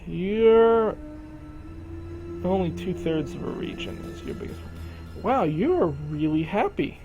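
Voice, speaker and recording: Slow, musing man with a higher voice. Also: expressive, warm tone, faint music behind, poor audio. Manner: thinks aloud, addresses game regions directly. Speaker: gameplay commentator. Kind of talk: casual strategy game commentary.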